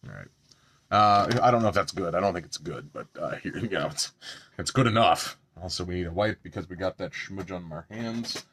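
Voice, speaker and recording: A man's voice: low-pitched, fairly quick, fairly bright tone. A man chatting casually at home while doing his makeup on a live stream, joking about himself and swearing now and then.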